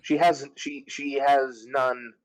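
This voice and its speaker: A man's voice: mid-range voice, flat delivery, takes it slowly, no echo, poor audio. A man co-hosting a podcast, chatting casually and tossing in wry, joking asides. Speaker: podcast co-host. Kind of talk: casual chat.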